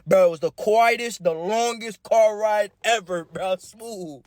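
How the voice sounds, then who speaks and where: A young man with a fairly high voice tells a story in a casual, slang-filled way. He talks straight to the listener. The sound is dry and close, with no room echo. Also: a little slow, smooth. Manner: animated, slangy, addresses the listener directly.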